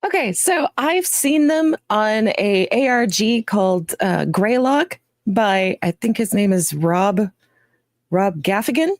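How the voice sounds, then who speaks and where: A woman's voice: mid-range voice, lively intonation, slow, dry recording, studio quality. A woman co-hosting a casual podcast, easygoing and giggly. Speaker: co-host. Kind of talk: casual chat.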